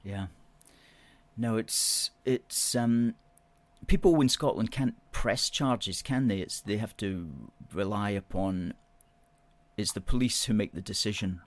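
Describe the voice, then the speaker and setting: Low-voiced man chiming in tentatively. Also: slow, no echo. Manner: short agreeing interjections and tentative questions. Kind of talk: online discussion show.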